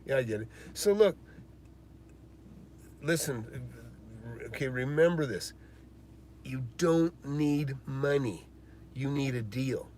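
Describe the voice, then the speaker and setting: A man's voice: mid-range voice, expressive, slow pace, long pauses, a little mellow, a little hiss or hum. A man hosting a live stream about real estate investing, answering viewer questions and telling stories with many fillers and a lot of emphasis.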